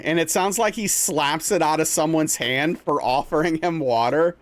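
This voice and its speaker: Chatty young streamer guy, fairly high voice. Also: unhurried, few pauses. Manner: rambling, animated storytelling with lots of "dude" and "like". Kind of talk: casual chat while playing a game live.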